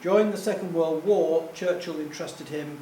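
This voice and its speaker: A middle-aged man with a fairly high voice tells rambling, self-deprecating stories to a live audience. He is picked up from a distance in an echoey hall. There is a faint hum of ambience behind him. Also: moderate pace, dark tone. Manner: chatty, self-deprecating, acts out quoted voices. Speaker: public speaker. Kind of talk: anecdotal talk to a live audience. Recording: echoey room, distant mic.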